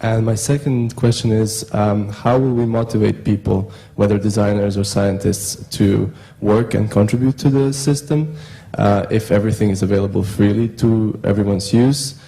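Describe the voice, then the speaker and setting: A man from the audience hesitantly asking two questions, with many pauses and fillers. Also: on the low side, gravelly, dark tone, low-quality recording. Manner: hesitant, full of um and uh.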